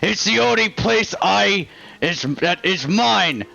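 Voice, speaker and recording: Guy putting on a grumpy bugbear cook, guards his kitchen, choppy broken talk, a bit high, dull lo-fi sound. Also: lively intonation, takes it slowly, vocal fry, bright, forceful tone, exaggerated voice. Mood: possessive. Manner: clipped broken speech, possessive barking. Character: gruff territorial male bugbear chef.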